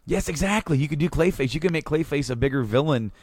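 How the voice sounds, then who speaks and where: A man's voice: fairly high pitch, lively intonation, fast talker, darkish tone. A man hosting a podcast, recapping with rambling, enthusiastic casual chat and many restarts. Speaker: podcast host.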